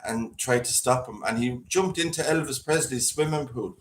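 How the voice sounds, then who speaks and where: A man's voice: medium pitch, normal speed, slight background noise. A man chatting casually on a live stream, emphatic and repeating his points. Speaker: co-host. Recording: roomy echo.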